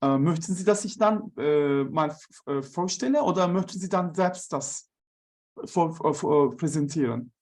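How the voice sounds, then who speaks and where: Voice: mid-range voice, lively intonation, normal speed, darkish tone. A conference participant on a video call, talking hesitantly and switching between German and English while trying to reach a missing speaker. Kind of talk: unscripted chat on a video call.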